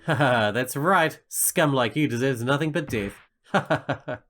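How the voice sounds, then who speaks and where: Man doing a sneering machine game master, slow drawn-out taunts, mid pitch, faint music behind. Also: fairly bright tone, lightly acted. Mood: gloating.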